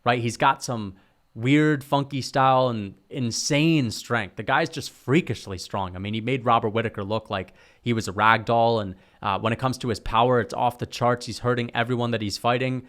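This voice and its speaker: An MMA commentary YouTuber, a young man with a mid-range, fairly bright voice, delivers heated, opinionated solo takes on fighters at a moderate pace. He's full of slang, swears, and keeps calling people "bro" and "dude."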